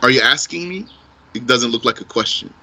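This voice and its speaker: A man's voice: medium pitch, lively intonation, a little fast, pushed and bright, slight background noise, rough recording. A man teaching an Arabic grammar class, thinking aloud as he answers questions and mixing in Arabic phrases. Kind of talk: live online class answering student questions.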